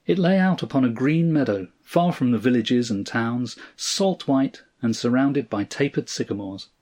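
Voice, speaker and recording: A man narrating a story in a measured, dramatic reading style. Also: medium pitch, a little mellow.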